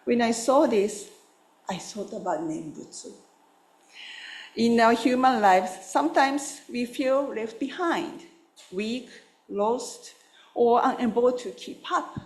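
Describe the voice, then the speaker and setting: A woman Buddhist minister giving a gentle, unhurried dharma talk, telling a story with pauses and small fillers. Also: a little high, animated. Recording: roomy hall sound.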